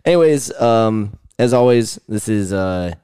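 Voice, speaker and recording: A man's voice: lowish voice, expressive, measured pace, warm tone, smooth, dry recording, studio quality. A young man co-hosting a podcast in a laid-back way, laughing often and giving short replies. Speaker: podcast co-host. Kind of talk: casual chat. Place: room at home.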